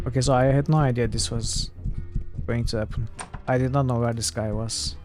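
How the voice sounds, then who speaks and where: Male game streamer, relaxed musing commentary, light game music behind. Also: mid-range voice, a little fast. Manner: relaxed, musing, laughs easily. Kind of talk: casual let's-play commentary.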